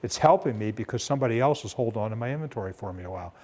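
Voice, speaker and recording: A man's voice: animated, rapid-fire, darkish tone. A man giving a live small business seminar, talking in a conversational way full of rhetorical questions. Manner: conversational, rhetorical questions, acts out demanding debtor with raised pitch. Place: seminar room.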